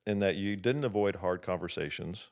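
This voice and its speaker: Man, low voice, easygoing host, playful and reflective. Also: moderate pace. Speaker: podcast host interviewing his parents. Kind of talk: casual family conversation.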